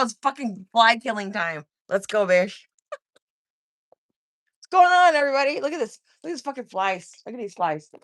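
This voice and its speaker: A woman's voice: high-pitched, no echo. A woman hosting a casual livestream from home, swearing constantly, laughing a lot and teasing her chat. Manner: profane, loud, laughs often, teasing. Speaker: livestream host.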